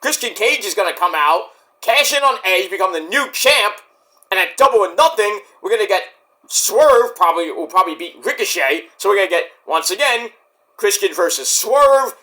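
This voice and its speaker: A man with a fairly high, bright voice recaps a wrestling show in casual, profane commentary. His pitch swings widely as he talks, and he bursts into loud mock shouts when acting out the wrestlers' lines. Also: normal speed. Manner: animated, swears freely, acts out wrestlers' lines in shouted bursts.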